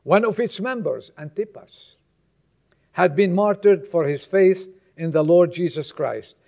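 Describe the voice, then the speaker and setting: A man preaching a sermon as pastor, telling stories dramatically and moving between loud exhortation and hushed tones. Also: high-pitched, a little slow, gravelly.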